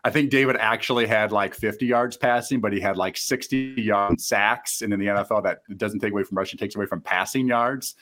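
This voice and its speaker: A man hosting a casual sports interview podcast, chatting in quick asides. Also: lowish voice, fairly bright tone. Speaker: podcast host, former quarterback.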